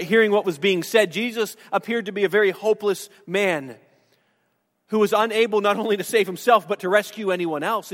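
A man's voice: high-pitched, long reverb tail. A man preaching a sermon to his congregation, earnest and conversational, with restarts and asides. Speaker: pastor. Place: church sanctuary.

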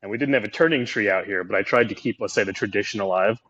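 A man's voice: on the low side, quick pace, a bit bright, slightly rough, lo-fi sound. A man who is a helicopter pilot, guest on a podcast, speaking in an easygoing, agreeable way over a remote call. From Oregon, USA. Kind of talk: casual interview conversation.

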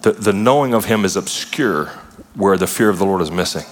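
A man preaching a sermon in a conversational style, breaking into animated asides and playful retellings. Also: low-pitched, brisk. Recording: long hall reverb.

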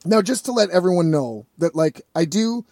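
A man's voice: high-pitched, animated, moderate pace, dark tone, dry recording, clean studio sound. A man telling a rambling, profane story in a casual vlog.

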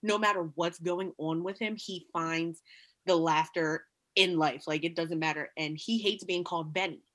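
A woman's voice: on the low side, moderate pace. A woman co-hosting a podcast, telling stories in casual chat, acting out other people's voices and laughing often. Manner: lively storyteller, mimics voices, laughs often. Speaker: podcast co-host.

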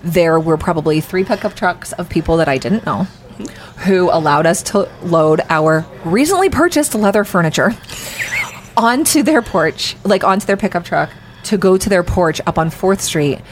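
A woman co-hosting a casual podcast chat, telling stories with lively acted-out quotes. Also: slight background noise. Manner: animated storyteller, acts out quotes with big pitch jumps. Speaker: podcast co-host. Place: restaurant table.

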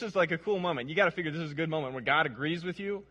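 A man's voice: on the high side, racing, bright, forceful tone, long reverb tail. A man preaching a sermon, reading scripture aloud and putting questions to his listeners, often repeating words as he goes. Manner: earnest, repeats words, asks the audience questions.

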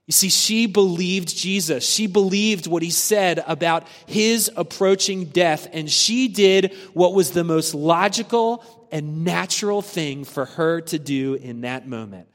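Slow, earnest preacher in an echoing hall. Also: male voice, high voice. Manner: earnest, slow and deliberate, falling soft at phrase ends. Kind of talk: sermon. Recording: long reverb of a large hall.

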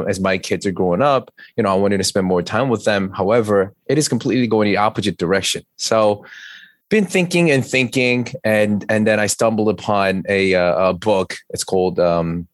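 Deep-voiced man with a Korean accent. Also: no room sound. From South Korea. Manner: earnest, plain-spoken, with repeated restarts. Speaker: podcast guest. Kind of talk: conversational interview.

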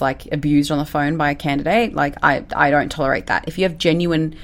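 A woman, a business coach giving casual advice, direct and animated, acting out the lines she quotes. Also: low voice. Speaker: business coach and recruitment firm owner.

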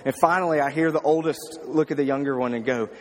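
A man's voice: on the high side, fairly even intonation, fast, a little mellow, long reverb tail. A man preaching an informal sermon, often checking in with the listeners. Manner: talks informally, checks in with "okay?" and "right?". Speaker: pastor. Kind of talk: conversational sermon.

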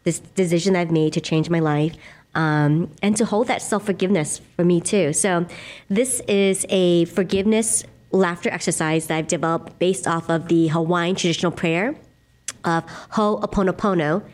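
A middle-aged woman being interviewed about her work as a laughter yoga leader. Her voice sits slightly low, and she talks in a gentle, earnest, reflective way. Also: normal speed. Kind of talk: conversational interview, guided exercise.

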